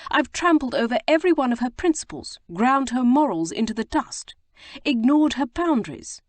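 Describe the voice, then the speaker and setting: A woman reading an audiobook, voicing an agitated, guilt-stricken young gentleman who bursts into exclamations. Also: high-pitched, expressive, normal speed, no room sound, pitched above the performer's own voice. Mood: distraught. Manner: distraught, exclamatory outbursts. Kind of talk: audiobook character voice.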